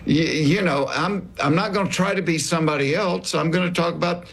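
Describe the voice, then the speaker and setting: A man from the American South talks in a gravelly, raspy voice pitched a little high, with a thick Southern US accent. He tells folksy stories as a comedian guest and acts out what other people said to him. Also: fairly quick, fairly bright tone. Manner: folksy storyteller, acts out quoted remarks. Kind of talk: casual conversation.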